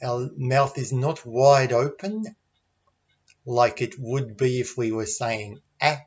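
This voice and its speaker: An Australian man gives a pronunciation lesson at an unhurried, very slow pace, spelling out each point with care. His voice sits at a middle pitch, and the recording sounds a little dull and lo-fi. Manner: clear, patient, demonstrates sounds aloud. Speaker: English pronunciation teacher. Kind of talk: slow, deliberate teaching lesson.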